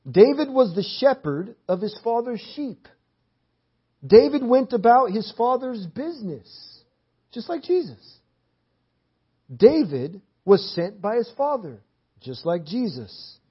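Very high-pitched and husky, this man preaches slowly but with great animation in a church hall. He repeats phrases emphatically to hammer home his points. The recording is dull lo-fi sermon audio.

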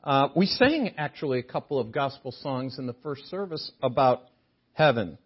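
A man's voice: mid-range voice, animated, moderate pace, husky, lo-fi sound. An older man preaching a sermon in a chapel, joking with the congregation. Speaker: guest preacher. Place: chapel sanctuary.

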